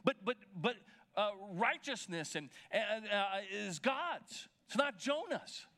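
A man's voice: high voice, very animated, takes it slowly, pushed and bright. A man preaching a sermon as pastor, retelling scripture in a conversational way and checking in with his listeners.

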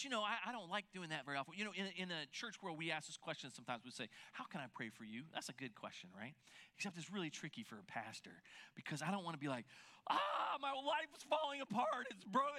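A man preaching a sermon as a pastor, talking conversationally with many restarts and dropping at times to a near whisper. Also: high-pitched. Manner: conversational, animated, with repeated restarts and swings from loud to near-whispered.

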